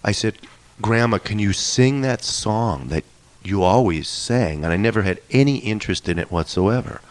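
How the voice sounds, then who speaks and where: Candid low-voiced man telling a story. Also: expressive, moderate pace. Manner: wry, candid, swears for emphasis. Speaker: musician and storyteller. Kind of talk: personal storytelling talk.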